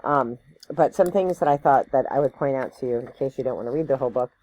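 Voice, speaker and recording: A woman's voice: very deep voice, fast, darkish tone. A woman giving a casual educational talk to camera, conversational and loose, with many fillers, tag questions and self-corrections as she thinks aloud. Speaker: spiritual teacher.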